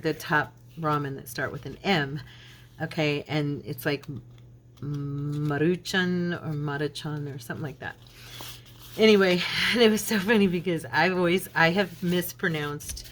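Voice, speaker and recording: Low-voiced chatty middle-aged woman. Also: a bit bright, slight background noise. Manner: chatty, laughs often, tells stories. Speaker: crafting channel host; minister. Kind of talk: casual chat while crafting.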